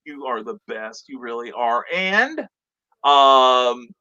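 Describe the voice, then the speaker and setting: A man's voice: mid-range voice, expressive, slow pace, sharp tone. A man hosting a casual live stream, chatting and reading out viewer comments. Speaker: podcast host. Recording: lo-fi streamed audio.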